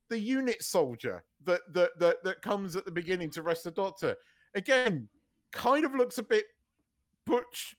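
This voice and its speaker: Male podcast co-host, animated, heated opinionated delivery, profane and repetitive. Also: high voice. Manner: ranting, swearing, repeats words. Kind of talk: casual opinionated chat.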